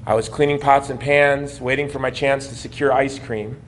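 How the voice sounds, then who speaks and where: Speaking at a gala in a banquet hall, a man from the United States in his forties shares his personal testimony, shifting from wry jokes into sincere storytelling. His medium-pitched voice stays steady at a normal pace, with a little hiss or hum in the recording.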